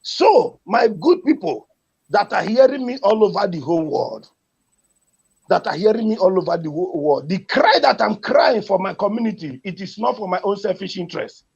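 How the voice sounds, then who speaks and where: Speaking with a Nigerian accent, a community advocate makes an impassioned, emotional plea for his community, pleading and repeating himself. His high voice has lively intonation, normal speed, vocal fry, and a darkish, slightly rough tone.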